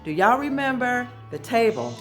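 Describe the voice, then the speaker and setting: A woman's voice: fairly high pitch, very animated, normal speed, soft background music. Chatty woman vlogging in an echoey kitchen. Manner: chatty, addresses viewers as y'all. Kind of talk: casual home vlog chat. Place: home kitchen, indoors. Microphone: handheld phone camera.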